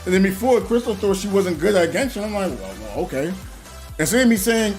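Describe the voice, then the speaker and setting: A man chatting casually on a gaming live stream, telling stories in an animated way and laughing often. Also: high-pitched, moderate pace, soft background music. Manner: animated storytelling with frequent laughs.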